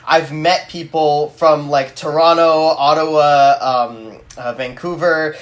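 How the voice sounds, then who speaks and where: A man co-hosting a casual podcast, chatty, joking and animated. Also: fairly high pitch, slow. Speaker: podcast co-host. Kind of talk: casual interview chat.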